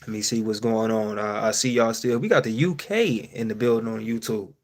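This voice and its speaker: A man hosting a casual live-stream Q&A, swearing freely and joking with viewers, laughing often and swinging between loud outbursts and quiet asides. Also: on the low side, a little fast. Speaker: streamer host.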